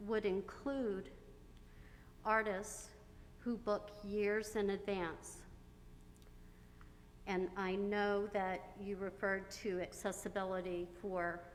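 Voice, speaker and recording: An American woman speaking as a member from the floor, reading a prepared statement in slow, formal phrases. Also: flat delivery. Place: theater. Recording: reverberant theater, faint rumble.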